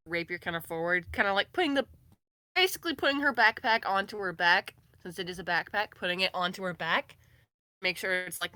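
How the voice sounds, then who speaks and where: A woman describes her character's moves in a tabletop game. She rambles and hedges with constant fillers. Her voice is bright, and the sound is dry. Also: lowish voice, no room sound. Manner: rambling, many "like" and "kinda". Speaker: player.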